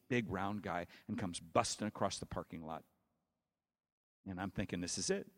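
A male preacher telling a story in a sermon, with dramatic swings from hushed to loud. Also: on the low side, long reverb tail.

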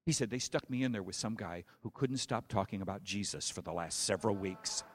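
A male preacher telling a story in a sermon, with dramatic swings from hushed to loud. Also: lowish voice, brisk, long reverb tail.

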